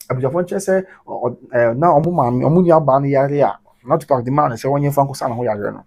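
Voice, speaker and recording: A man's voice: on the high side, fairly quick, darkish tone, husky. A man with a Ghanaian accent hosting a casual live stream, reading viewers' comments aloud and switching between Twi and English with frequent laughs.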